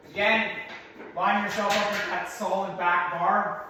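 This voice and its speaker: Hoarse coach in an echoey gym. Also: male voice, high-pitched, level tone, unhurried, pushed and bright, distant mic, a little hiss or hum. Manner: practical, coaching cues, talks to his son in asides. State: slightly hoarse. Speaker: strength coach. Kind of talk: instructional workout walkthrough. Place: large echoey gym, indoors.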